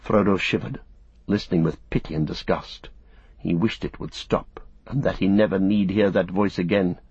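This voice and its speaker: A man steadily narrating an audiobook in a measured storytelling manner. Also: low-pitched, a little mellow, slightly rough, dry recording. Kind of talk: scripted narration. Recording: dull, muffled recording.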